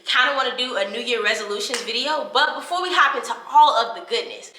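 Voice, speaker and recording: A young woman in her twenties talks straight to her viewers in a casual vlog, chatty and animated. Her voice is bright and sits a little high. The room around her is echoey. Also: quick pace, a little hiss or hum. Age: 20s. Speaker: college student vlogger and podcaster. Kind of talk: casual vlog talking to camera.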